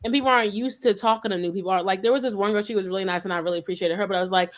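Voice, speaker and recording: A woman recalling her childhood as a military kid in casual, chatty conversation, full of "like" and lively quoted asides. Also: mid-range voice, very fast, hardly any pauses. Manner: chatty, heavy use of "like", animated when quoting others. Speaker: guest sharing her experiences as a military child.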